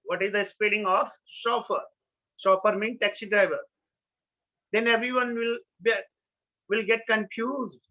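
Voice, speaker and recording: A man with an Indian English accent lectures to a class in a high voice, moving between English and Hindi and repeating his key words. The recording is dull and lo-fi. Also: fairly even intonation, a little slow, pauses often. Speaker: college lecturer. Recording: dull lo-fi sound.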